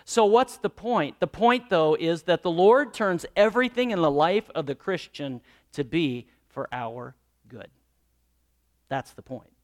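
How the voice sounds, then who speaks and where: A man preaching a sermon, swinging between loud emphatic lines and hushed, quiet asides. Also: fairly high pitch, lively intonation, a little slow. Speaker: pastor.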